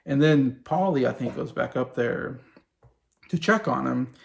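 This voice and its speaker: A man's voice: medium pitch, a little slow, creaky. A man in his thirties hosting a casual sitcom review, rambling with many fillers and restarts. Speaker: show host reviewing a sitcom.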